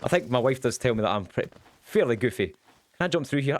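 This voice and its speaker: A young man chatting casually while streaming a game, goofy and quick, with lots of ums. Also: medium pitch, expressive. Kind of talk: casual livestream chat while gaming.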